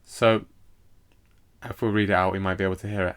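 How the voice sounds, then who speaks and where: A man's voice: low voice, little pitch movement, a bit bright, smooth. A man teaching a recorded poetry lesson, hesitant and full of fillers as he explains meter. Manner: hesitant, lots of fillers and restarts; reads poetry lines aloud slowly with stress.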